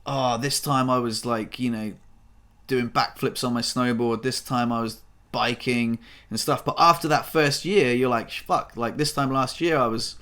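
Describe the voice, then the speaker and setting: A man tells a personal story to the camera in a loose, rambling way, packed with fillers and swearing. His voice sits at an ordinary middle pitch and climbs when he grows upset. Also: steady tone, normal speed, fairly bright tone. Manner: emotional, voice rising when upset. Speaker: vlogger.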